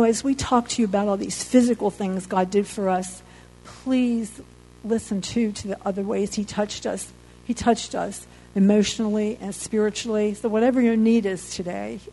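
Woman telling her testimony, earnest and kinda halting, soft warm voice. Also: mid-range voice, low-quality recording. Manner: earnest, halting, emotional storytelling. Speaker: accident survivor giving testimony. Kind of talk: personal faith testimony.

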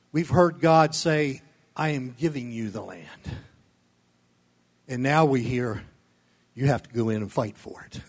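A middle-aged man preaching a sermon in a folksy storytelling way, chuckling often and swelling loud on key phrases. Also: fairly high pitch.

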